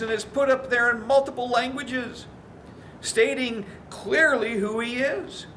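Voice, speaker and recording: High voiced preacher guy, storytelling sermon, bit of faint noise. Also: steady tone, unhurried, sharp tone. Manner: storytelling, acts out quoted voices. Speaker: pastor.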